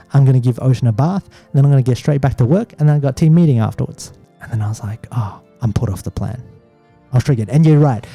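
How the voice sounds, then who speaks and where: A man's voice: mid-range voice, dark tone. A man in his thirties co-hosting a casual talk, speaking candidly and reflectively in a rambling, self-searching way. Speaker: podcast co-host. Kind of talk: casual conversation with his partner.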